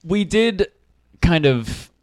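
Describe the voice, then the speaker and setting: Playful young man, lively voice. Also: sits high, drawn-out words, no echo. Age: young adult. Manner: playful, jokey one-liners. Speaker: podcast co-host. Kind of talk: casual chat.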